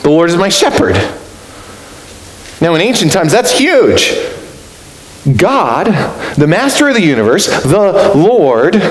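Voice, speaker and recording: A man preaching a sermon as pastor, earnest and reflective, lifting his voice high for emphasis. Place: church sanctuary. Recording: roomy echo with faint hiss.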